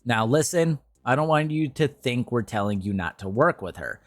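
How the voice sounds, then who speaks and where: A man's voice: medium pitch, expressive, moderate pace, dry recording, studio quality, soft background music. A young man streaming and commenting casually, ranting in a blunt, profane way.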